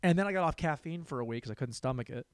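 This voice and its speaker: A man's voice: fairly high pitch, animated, racing, clear, resonant tone, no room sound. Profane rambling young man, dry close mic. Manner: rambling, profane, self-mocking, laughs often. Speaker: podcast host and stand-up comic. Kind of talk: casual solo podcast monologue.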